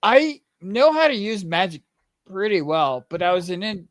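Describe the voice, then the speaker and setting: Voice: mid-range voice, very animated, moderate pace, no echo. A player speaking in character and out of it during a tabletop game, casual and rambling.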